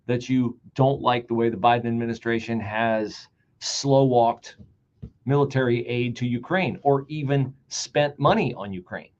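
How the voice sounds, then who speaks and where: A man hosting a political talk show, delivering an animated, sarcastic and emphatic monologue. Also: mid-range voice. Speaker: radio talk show host. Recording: dull lo-fi sound.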